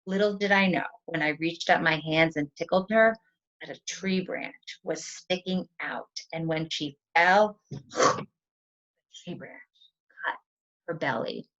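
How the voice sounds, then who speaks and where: A woman teacher on a video call, telling a story in an animated storyteller voice for a writing lesson. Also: fairly low pitch, unhurried. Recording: dull lo-fi sound.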